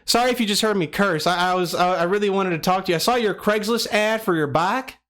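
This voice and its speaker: A man's voice: high-pitched, fast, a bit bright. A man putting on a Southern accent to play a chatty, stammering dad on a prank call. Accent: put-on Southern US. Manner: rambling, stammering, apologetic. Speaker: prank caller.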